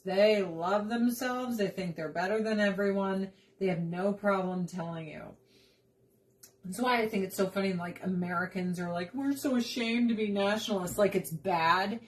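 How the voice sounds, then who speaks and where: A young adult woman hosts a cooking vlog, chatting casually while she cooks, laughing often and slipping into playful voices. Her pitch sits fairly low, with a little hiss or hum in the background.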